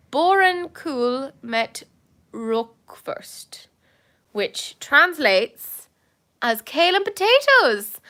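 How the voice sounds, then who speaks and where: A woman's voice: high voice, vocal fry, sharp tone. A young Irish woman chatting casually with her viewers, rambling with fillers, laughing often and poking fun at herself. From Ireland. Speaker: livestream host chatting with viewers. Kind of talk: casual chat.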